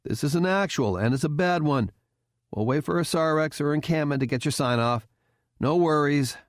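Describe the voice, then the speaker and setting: A steady, commanding young male cadet leader, played by a male audiobook narrator. His voice sits a little high and stays firm and reassuring, recorded dry and close. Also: normal speed, dry recording, natural voice.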